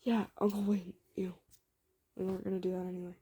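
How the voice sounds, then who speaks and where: A woman voicing a laid-back, joking young man in a fan story, with a playful, quick delivery. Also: mid-range voice, level tone, dark tone, slightly rough, lightly acted.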